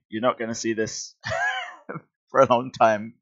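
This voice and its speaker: A man's voice: mid-range voice, wildly swooping pitch, slow pace, long pauses, fairly bright tone, dull audio. A man reading a comic aloud with chatty, self-correcting asides. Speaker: comic reader. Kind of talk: casual comic-book reading with commentary.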